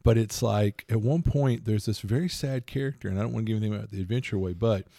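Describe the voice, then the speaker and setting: A man with a gravelly, mellow voice rambles happily through tabletop game stories. His co-hosting chat is casual and lively. The sound is close and dry. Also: fairly low pitch, fast, dry recording. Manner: rambling, animated storytelling with laughs. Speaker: podcast co-host and game master.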